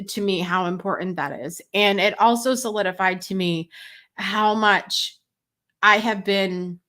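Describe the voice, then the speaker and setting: A woman hosts a live morning talk show in a bright, forceful, mid-range voice. She chats loosely and emotionally, full of fillers and restarts.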